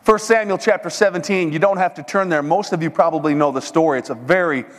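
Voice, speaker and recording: A man's voice: on the high side, fast. A middle-aged man giving a folksy, joking sermon-style talk at a men's seminar. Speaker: seminar speaker. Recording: long hall reverb.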